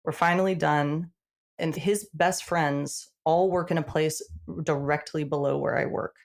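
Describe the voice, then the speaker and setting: Low, gravelly-voiced woman telling her story. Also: measured pace. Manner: animated, acts out quoted dialogue; frequent "like" fillers. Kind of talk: casual storytelling.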